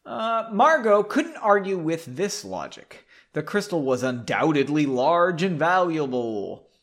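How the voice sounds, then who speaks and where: A man's voice: a little high, very animated, measured pace, fairly bright tone. A man hosting a podcast, reading a story aloud and breaking in with sarcastic, mocking asides. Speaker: podcast host.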